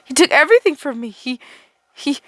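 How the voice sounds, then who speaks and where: A woman voicing a possessive, protective immortal man who mutters low, threatening lines in a fan story read aloud. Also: expressive, brisk, a bit bright, no room sound. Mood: bitter.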